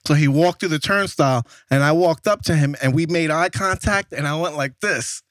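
A young man telling a story casually, animated and profane, and acting out the voices of the people in it. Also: a little high, moderate pace, no room sound.

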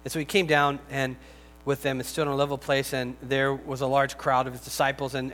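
A man's voice: medium pitch, fairly bright tone. A man preaching a sermon in a conversational, joking way, breaking into emphatic bursts. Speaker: pastor. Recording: long hall reverb, faint music.

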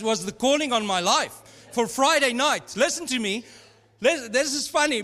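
With a very high, pushed and bright voice, this man preaches as a pastor, spinning humorous, conversational stories with plenty of asides and laughs. Long reverb from a hall surrounds his words.

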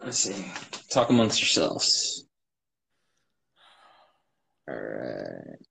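A man hosting a casual podcast chat, laid-back and teasing, firing off quick questions. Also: very deep voice, huge pitch swings, gravelly, sharp tone. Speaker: podcast host. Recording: roomy echo.

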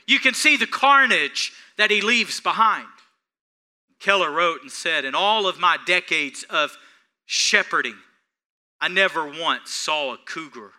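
A male pastor preaches a sermon, addressing his congregation directly and repetitively as he moves between hushed, tender passages and loud, rising ones. His voice is on the high side.

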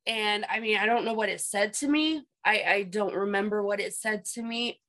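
A woman's voice: medium pitch, normal speed, fairly bright tone, poor audio. A woman telling a personal story in a casual chat, rambling and repeating herself with many fillers. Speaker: guest telling a paranormal experience.

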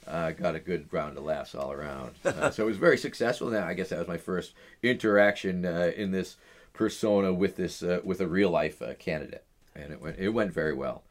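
Low-voiced middle-aged man telling stories. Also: moderate pace. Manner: rambling, full of "uh" and "um" fillers. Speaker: interview guest. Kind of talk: casual storytelling in an interview.

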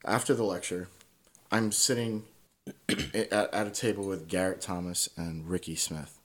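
A man's voice: deep voice, steady tone, unhurried, fairly bright tone. A man telling stories as a podcast guest in casual conversation, swearing freely and tagging his points with "right?".

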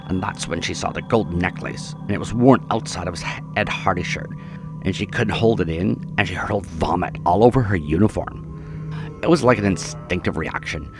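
A man narrating a spooky story in a hushed, dramatic way, often dropping to a whisper, with music behind. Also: sits low. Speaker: narrator of listener horror stories.

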